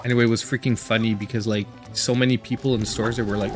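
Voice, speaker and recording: A man's voice: mid-range voice, little pitch movement, fast talker, hardly any pauses, over music. Rambling Canadian man gaming. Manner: rambling, filler-heavy chatter. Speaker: gaming channel host. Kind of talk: casual let's-play commentary.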